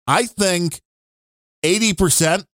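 A man's voice: high-pitched, slow pace, a bit bright, no room sound, clean studio sound. A man co-hosting a podcast, rambling and grumbling through his opinions in casual chat. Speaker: podcast co-host.

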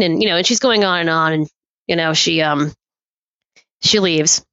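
A woman guest on a podcast, a poll worker, telling anecdotes in a chatty, animated way and laughing often. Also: on the low side, brisk, no echo. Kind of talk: casual podcast storytelling. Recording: dull, dry lo-fi audio.

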